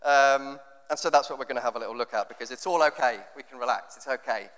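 A man preaching a sermon, reading scripture and explaining it in a conversational, animated way. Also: mid-range voice, racing. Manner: conversational, animated with rhetorical questions. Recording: long reverb of a hall.

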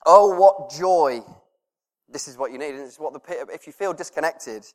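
A male pastor preaching a sermon, earnest, laughing softly and dropping to a hush when he quotes prayers. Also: medium pitch, fast, in a large hall.

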